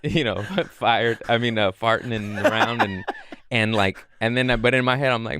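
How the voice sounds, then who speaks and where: A man, a comedian guest, telling stories casually and animatedly, swearing and acting out quotes in high voices. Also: moderate pace, fairly bright tone, smooth, dry recording. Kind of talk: casual storytelling.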